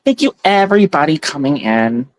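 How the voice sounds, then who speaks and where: A woman's voice: sits low, very animated, brisk, no echo. A woman hosting a casual tarot livestream on her phone, chatty and giggly, thanking viewers by name as she reads their comments. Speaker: tarot reader and livestream host.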